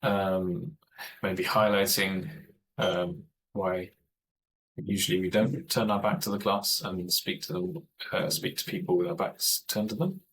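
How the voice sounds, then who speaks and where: Low-voiced man explaining teaching methods. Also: little pitch movement, unhurried, fairly bright tone, slight background noise, rough recording. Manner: thoughtful, explanatory, with frequent self-corrections. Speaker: teacher trainer. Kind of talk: online training presentation.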